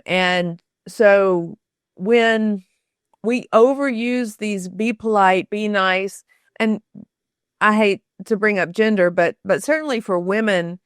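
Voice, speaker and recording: A woman guest on an interview podcast, answering thoughtfully, pausing on many fillers and restarts. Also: mid-range voice, clean tone, no echo, clean studio sound. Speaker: podcast guest, storytelling author. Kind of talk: conversational interview.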